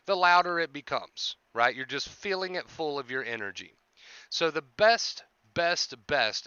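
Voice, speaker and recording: A man coaching on anxiety in an earnest explanatory monologue, piling up rhetorical questions and tagging "right?", and clearing his throat now and then. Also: medium pitch, bright, forceful tone, dry recording, lo-fi sound. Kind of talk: explanatory self-help monologue.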